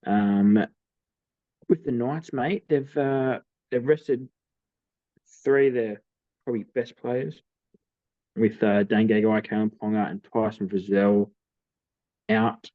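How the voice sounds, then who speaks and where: A man's voice: lowish voice, fairly even intonation, takes it slowly, pauses often, dry recording, narrow, tinny audio. A man with an Australian accent, co-hosting a podcast and casually running through weekend team lists, with plenty of "um" and "mate". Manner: laid-back, runs through team lists with fillers. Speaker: podcast co-host. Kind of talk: casual sports chat.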